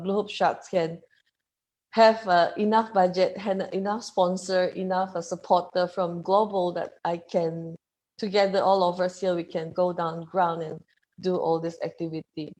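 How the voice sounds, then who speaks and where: A woman speaking as a conservation panelist over a video call, halting and repeating herself in an earnest way. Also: lowish voice, darkish tone, poor audio.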